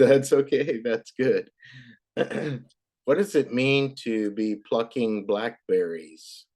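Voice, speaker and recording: Patient slow-spoken woman tutor. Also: very deep voice, a little mellow. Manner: patient, slow and encouraging, repeats words to model them. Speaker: English tutor. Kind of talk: online tutoring lesson.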